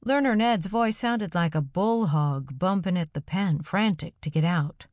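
A woman reads a first-person story in an unhurried, measured manner. Her voice sits on the low side, and the recording is close and dry with no room sound. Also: darkish tone, no echo. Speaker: audiobook narrator.

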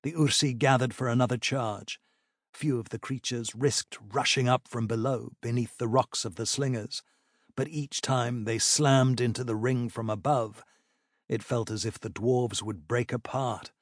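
A man narrating a fantasy battle audiobook in a measured, even storytelling manner. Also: mid-range voice, dry recording, studio quality.

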